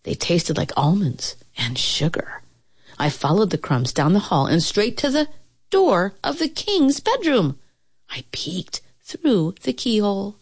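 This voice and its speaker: Animated woman reading a storybook aloud. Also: medium pitch, husky. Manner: expressive, animated reading with playful slowing for effect.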